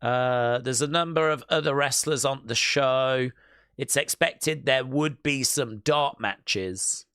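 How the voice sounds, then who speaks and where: A man's voice: mid-range voice, slow pace, fairly bright tone, smooth, no room sound, studio quality. A man hosting a live wrestling watch-along stream, chatting casually and reading news items aloud to viewers. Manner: chatty, musing aloud with filler words.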